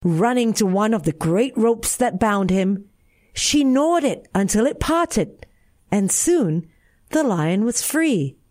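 A woman with a Singaporean accent reading a bedtime fable aloud in a gentle, expressive way. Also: medium pitch, slow. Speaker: narrator.

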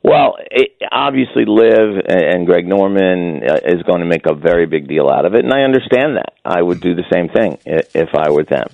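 A man's voice: low-pitched, normal speed, creaky, hardly any pauses, no room sound. A man calling in as a regular guest on a sports radio show, chatting casually and rambling with self-corrections while hiccuping. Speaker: guest columnist. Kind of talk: casual sports chat by phone. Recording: tinny phone line.

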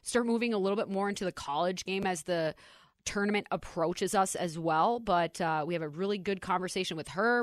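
A woman's voice: medium pitch, a bit bright, dry recording. A woman co-hosting a sports talk radio show, chatty and upbeat, speaking into a studio mic. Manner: chatty, upbeat, self-deprecating.

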